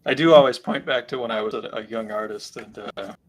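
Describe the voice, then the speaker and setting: A man's voice: on the low side, fairly quick. Rambling middle-aged man telling stories. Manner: rambling anecdotes with many fillers. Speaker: artist on a live stream. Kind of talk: casual chat.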